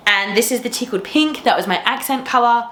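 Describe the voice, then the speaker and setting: A woman's voice: on the high side, brisk, a bit bright, reverberant. A young woman hosting a knitting podcast, chatting casually and gushing with enthusiasm. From Australia. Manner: gushing, enthusiastic, laughs often. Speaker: teacher. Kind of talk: casual chat to camera.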